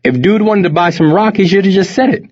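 A man's voice: high-pitched, fast talker, a little mellow, highs cut off, voice pushed up. A man putting on a scornful young Jamaican-accented guy. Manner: blunt, mocking. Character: brash young male Bronx friend, scornful.

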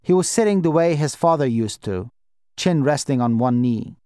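A man reads an audiobook in a calm, measured first-person voice. His pitch sits in the middle range. The recording is close and dry, with no room sound. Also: clean tone, dry recording. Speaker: audiobook narrator. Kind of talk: scripted narration.

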